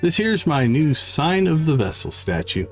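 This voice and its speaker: A man's voice: a little high, big pitch swings, normal speed, breathy edge, pitched above the performer's own voice, exaggerated voice. A man reading aloud the lines of a weary middle-aged woman who drinks too much and feels something is missing, in his own plain voice. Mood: wistful. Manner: reads game dialogue aloud in a plain voice. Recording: faint game music behind.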